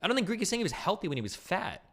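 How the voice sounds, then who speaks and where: Male streamer host, rapid profane commentary, lively swinging delivery. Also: high voice. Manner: animated, profane, rapid rants. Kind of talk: casual live-stream commentary.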